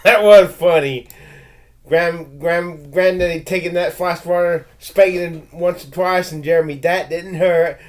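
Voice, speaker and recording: A man's voice: a little high, steady tone, unhurried. Stammering, heated man ranting. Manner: stammering, with frequent restarts and repeated words; intense and heated, with blunt threats. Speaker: vlogger. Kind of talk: rambling personal rant to camera.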